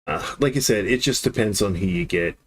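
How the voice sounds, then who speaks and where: A man's voice: on the low side, fairly quick, breathy edge. A man in his thirties streaming games and telling a long, rambling story, acting out the dialogue as he goes. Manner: rambling, animated storyteller who acts out the dialogue. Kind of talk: casual storytelling on a live stream.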